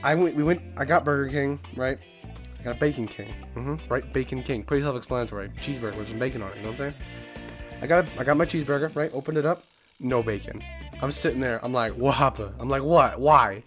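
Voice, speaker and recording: A man's voice: medium pitch, quick pace, soft background music. A young man hosting a casual video, rambling and laughing as he talks, often repeating himself. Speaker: YouTube host. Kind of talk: casual ranking commentary.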